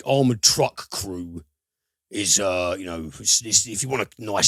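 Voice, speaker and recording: A low-pitched man hosts a casual film podcast, walking through a plot in a halting way, full of ums and uhs and the odd swear word. His tone is bright and forceful, and the recording is dry and close with no room echo. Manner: hesitant, filler-heavy plot retelling with casual swearing. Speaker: podcast host, film reviewer. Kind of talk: casual film review chat.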